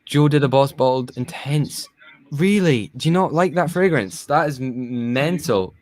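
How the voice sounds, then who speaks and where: A man's voice: medium pitch, lively intonation, measured pace, darkish tone. Chatty scottish guy watching the match, keeps second-guessing his own facts. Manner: chatty, thinks aloud and corrects himself. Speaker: co-host. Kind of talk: casual chat watching a football match.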